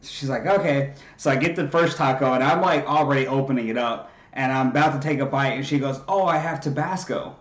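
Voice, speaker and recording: A man telling a story in casual chat, profane and animated, acting out what everyone said. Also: mid-range voice, a little fast, hardly any pauses, roomy sound. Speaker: podcast co-host.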